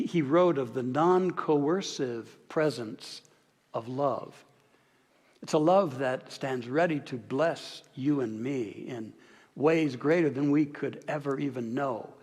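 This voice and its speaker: Male pastor, husky tone, reflective sermon delivery with hushed emphases, recorded in a reverberant sanctuary. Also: medium pitch. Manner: reflective, drops to soft near-whispers on key words. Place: large church sanctuary. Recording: long reverb of a large hall.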